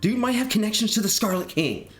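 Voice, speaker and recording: A man's voice: sits high, animated, quick pace, reverberant, pitched above the performer's own voice. A man voicing a brash young woman agent who talks bluntly and swears. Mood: impatient.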